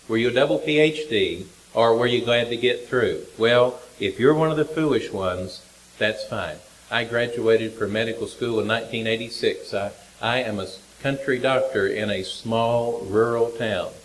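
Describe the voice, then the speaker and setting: A man's voice: medium pitch, low-quality recording. An older man, a country doctor giving a folksy, self-deprecating sermon with wry humor. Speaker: lay preacher, country doctor.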